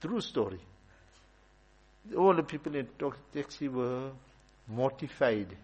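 A man's voice: mid-range voice, animated, slow, breathy edge, low-quality recording. A man giving an informal religious talk, telling stories and repeating points for emphasis. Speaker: religious teacher.

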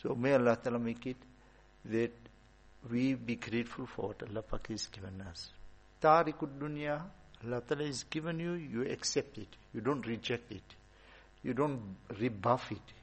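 Guy teaching a religious class, kinda husky, chatty storyteller. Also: medium pitch, normal speed, low-quality recording. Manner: storytelling, conversational, repeats points for emphasis. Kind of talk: informal Islamic talk.

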